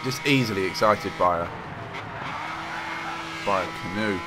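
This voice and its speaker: A man casually commentating his own racing game play, excitable, joking and rambling. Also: fairly low pitch, a little slow, pauses often, background noise. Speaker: games journalist playing and commenting.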